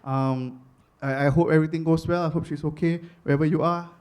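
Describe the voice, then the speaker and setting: A young man from Singapore with a Singaporean accent, doing stand-up comedy with animated storytelling and Singlish phrasing. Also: fairly high pitch, brisk, clean tone.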